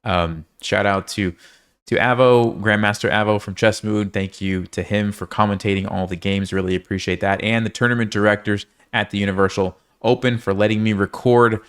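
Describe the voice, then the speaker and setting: A man's voice: on the low side, steady tone, moderate pace, fairly bright tone, smooth. A man talking casually and upbeat to his viewers, with plenty of filler words, reflecting on a tournament. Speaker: chess player and video creator.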